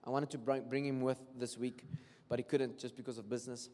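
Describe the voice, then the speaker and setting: A man with a South African accent preaches in a church hall with long reverb, his medium-pitched voice running a little fast. He shifts between English and Afrikaans and tells his stories animatedly, voicing other people's words.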